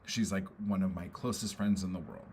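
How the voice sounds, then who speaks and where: A man with a very low, deep voice rambles through a frustrated venting session on a casual livestream. He swears freely and keeps stalling on fillers as he talks it through. A faint hum sits behind him. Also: brisk, darkish tone. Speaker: poet and streamer.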